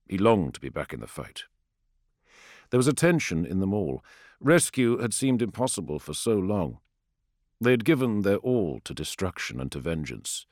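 A man narrating an audiobook in a measured, grave storytelling manner, recorded on a close studio microphone. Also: deep voice, sing-song, a little mellow, no echo. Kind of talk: scripted dramatic narration.

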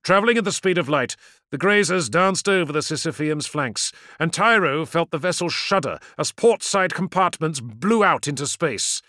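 Brief: animated male narrator, slightly high pitch, vivid dramatic audiobook reading. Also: normal speed, no echo, clean studio sound.

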